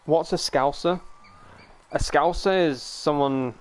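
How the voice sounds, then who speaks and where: Streaming a game, a young man from the UK chats loosely and rambles to his audience. He speaks in a mid-range voice at a slightly slow pace.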